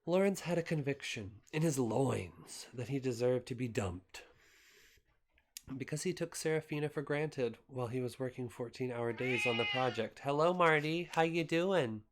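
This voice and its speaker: A man casually reading a novel aloud as an amateur, relaxed and unpolished, pausing at times to recap the story in his own words. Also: mid-range voice, slight background noise. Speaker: amateur reader.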